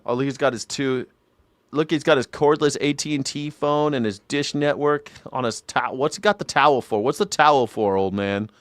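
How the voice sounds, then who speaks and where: A man's voice: mid-range voice, normal speed, dry recording. A man hosting a live news commentary show, reacting to clips in a profane, mocking way and laughing often.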